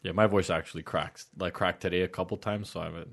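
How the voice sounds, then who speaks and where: A man's voice: deep voice, fairly even intonation, fast talker, gravelly. A man co-hosting a casual podcast, arguing points and telling stories. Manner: chatty, argumentative, tells stories. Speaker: podcast co-host. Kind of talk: casual chat.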